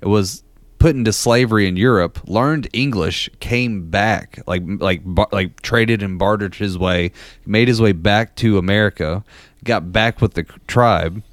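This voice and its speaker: A man with a fairly low voice chatting casually on a podcast, rambling through a story with lots of "like" and "uh". The sound is dry and close. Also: a little slow, dry recording. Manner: rambling, filler-heavy storytelling with laughs. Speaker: podcast co-host. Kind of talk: casual chat.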